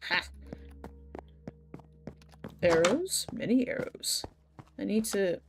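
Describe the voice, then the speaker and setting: A woman's voice: lively intonation, a little slow, music in the background. Chatty laughing woman livestreaming a game. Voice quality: medium-pitched voice she wishes were deeper. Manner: chatty, swearing, laughing, reading chat aloud. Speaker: streamer. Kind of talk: casual gameplay livestream chat.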